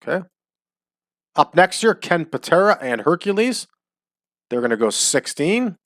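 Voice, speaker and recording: A man talking casually over a wrestling booking game, with chatty asides and drawn-out hype calls. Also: a little high, sing-song, a bit bright, dry recording, studio quality. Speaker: wrestling sim game host.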